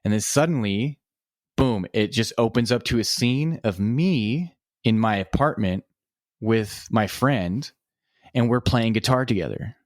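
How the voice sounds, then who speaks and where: A man, a podcast guest, telling a story in a relaxed, casual way, with lots of filler words and swearing. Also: lowish voice, measured pace, dry recording, studio quality.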